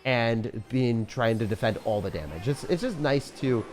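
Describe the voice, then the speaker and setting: A young man giving excitable, jokey commentary over his own gameplay, swinging from loud hype to low mutters. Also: moderate pace, faint music behind. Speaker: gaming commentator.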